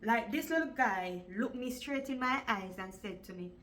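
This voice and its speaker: A woman's voice: on the high side, normal speed, few pauses, a bit bright, poor audio. A Jamaican woman in her forties telling her own story in a vlog, emotional and repeating "like" often. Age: 40s. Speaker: vlogger.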